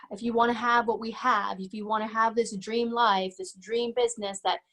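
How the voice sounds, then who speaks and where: A middle-aged woman giving an energetic, emphatic motivational business talk on a webinar, repeating her key points. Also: on the high side, normal speed. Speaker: guest speaker. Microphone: webinar microphone.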